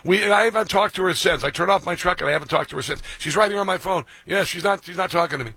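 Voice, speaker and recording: A man's voice: sits high, racing, gravelly, sharp tone, husky, dry recording. A man hosting a political talk radio show, rambling combatively with lots of fillers and restarts.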